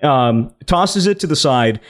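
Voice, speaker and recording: A man's voice: mid-range voice, animated, unhurried. A young man animatedly telling a story to friends, swearing and laughing as he goes. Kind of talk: casual storytelling chat.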